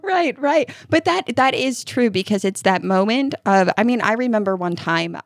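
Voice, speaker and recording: Mom podcaster chatting, lively storyteller, laughs a lot, dry close mic. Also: female voice, a little high, normal speed, dry recording. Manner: animated storyteller, acts out soothing lines, laughs often. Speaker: podcast co-host. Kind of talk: casual parenting chat.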